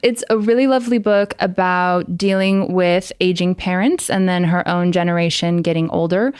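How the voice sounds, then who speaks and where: A woman's voice: fairly low pitch, moderate pace, clean tone, dry recording. A woman guest on a podcast, chatting and telling stories with frequent laughter, recorded on a studio mic. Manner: laughs often, animated storytelling. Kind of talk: casual interview chat. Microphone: studio headphones and mic.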